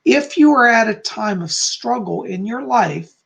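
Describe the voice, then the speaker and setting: A man's voice: high-pitched, expressive, vocal fry, fairly bright tone. A man hosting a live astrology stream, reading out viewer comments in a chatty, encouraging way. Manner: chatty and encouraging, speeds up and slows down; laughs at himself, easily sidetracked.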